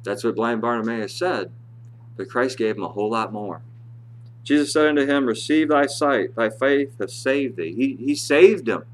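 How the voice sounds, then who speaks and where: A male pastor preaching a sermon in church, reading scripture aloud in a rising voice and dropping low to explain it. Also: animated, moderate pace, slight background noise.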